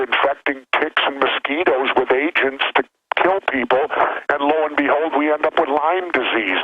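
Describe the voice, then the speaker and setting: A man calling into a radio show as a guest, blunt and plainspoken, over a phone line with interference. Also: on the high side.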